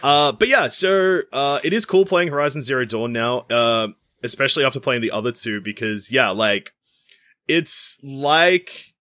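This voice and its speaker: Bright-voiced man in casual chat. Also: mid-range voice, lively intonation, unhurried, no room sound, clean studio sound. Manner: rambling, jokey. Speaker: podcast co-host.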